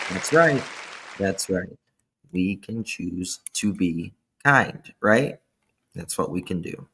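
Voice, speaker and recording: Tired male streamer, unhurried and warm, greeting his chat by name; laptop mic, faint crowd murmur behind. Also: low-pitched, expressive, noisy background. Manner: warm, effusive thanks to chat members. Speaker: live stream host. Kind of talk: casual live stream chat, greeting viewers. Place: indoors at home. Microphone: laptop camera mic.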